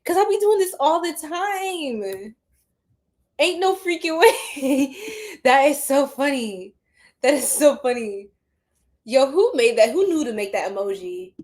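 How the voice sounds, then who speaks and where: Woman, psychic tarot reader, casual slangy chat, laughs a lot, fairly high voice. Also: animated, a little slow, darkish tone. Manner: chatty and slangy, laughing often. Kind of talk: casual tarot reading to viewers.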